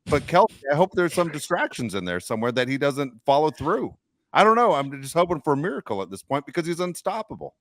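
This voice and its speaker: A man's voice: fairly high pitch, big pitch swings, quick pace, fairly bright tone, no room sound. A man co-hosting a sports podcast, giving opinions in casual conversation. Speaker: podcast co-host.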